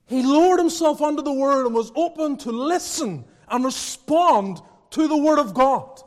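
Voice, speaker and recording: A man preaching a sermon as pastor, earnest, moving between hushed and fervent passages. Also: extremely high pitch, animated, normal speed. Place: church sanctuary. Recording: church with long reverb.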